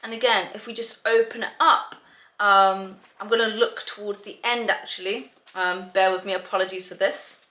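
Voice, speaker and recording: A woman's voice: medium pitch, fairly even intonation, moderate pace, sharp tone. A woman tutor explaining to parents how to prepare children for reading exams, talking in a chatty way full of "um" and "you know". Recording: roomy echo.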